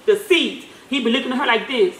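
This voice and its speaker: A woman's voice: fairly high pitch, a little fast, a little hiss or hum. A mother telling a story in a casual vlog, talking in a loose, slangy way with swearing and many fillers. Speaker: mother and vlogger. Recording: echoey room.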